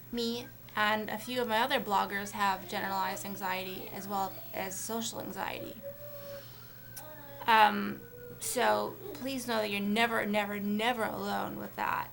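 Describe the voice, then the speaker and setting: A woman's voice: mid-range voice, steady tone, measured pace, creaky, a bit bright, slight background noise. A young woman talking casually to camera on a shared vlog channel, rambling with many fillers and restarts. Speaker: vlogger on a collab channel.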